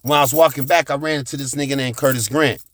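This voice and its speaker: A man telling a profane childhood story, animated, with sound effects and shouted reenactments. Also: mid-range voice, quick pace, no room sound, studio quality. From United States.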